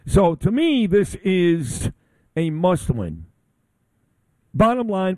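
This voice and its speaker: A male talk radio host delivering a blunt, combative monologue, throwing insults freely. His voice sits a little high and swings widely in pitch, with a mellow, dark tone. The sound is dry and close, broadcasting from a convention. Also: creaky, no room sound.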